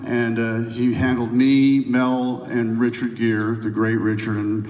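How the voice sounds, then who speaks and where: A man being interviewed on stage at a large venue, telling rambling anecdotes and breaking into animated impressions. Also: mid-range voice, a little slow. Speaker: guest actor. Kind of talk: onstage interview. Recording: roomy hall, distant mic.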